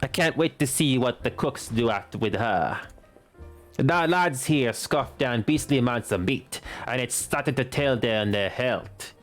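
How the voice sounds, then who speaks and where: A gruff male tavern keeper with a rough, hearty way of talking and a put-on Irish or Scottish brogue, played by a man doing the voice. He sounds higher and louder than the performer's own voice. Faint game music plays behind him. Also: animated, unhurried, natural voice. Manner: rough, hearty barroom talk.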